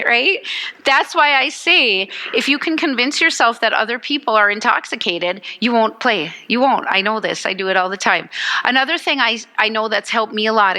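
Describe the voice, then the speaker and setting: A woman giving a motivational talk as guest speaker at a church service, animated, acting out quotes and asking the audience questions. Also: on the high side.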